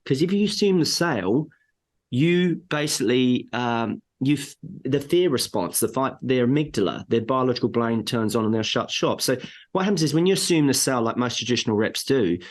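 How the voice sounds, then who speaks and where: A man who trains salespeople speaks as a podcast guest over a remote connection. His voice sits at a middling pitch, and he drives his points home with emphatic, coaching delivery and strings of rhetorical questions. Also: lively intonation, fairly quick. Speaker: sales and marketing trainer for agriculture.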